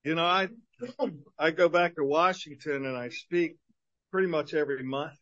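A man in his sixties, a minister giving an energetic, joking talk to a men's group at a church, with lots of fillers. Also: fairly high pitch, normal speed, highs cut off. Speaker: guest speaker and minister to men. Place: church gathering of men.

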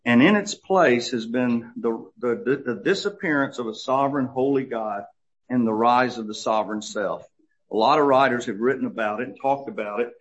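A man's voice: mid-range voice, moderate pace. A middle-aged man giving a conversational Bible teaching as a church teacher, telling stories with many fillers and restarts. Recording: dull lo-fi recording.

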